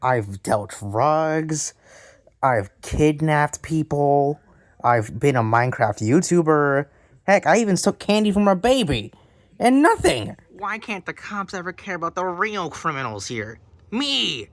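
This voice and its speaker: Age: unknown. Sex: man voicing a petty plush villain. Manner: blustery, whiny rants. Pitch: raised, swooping. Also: animated, slow pace, dry recording, clean studio sound. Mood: ranting. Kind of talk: comedic plush skit.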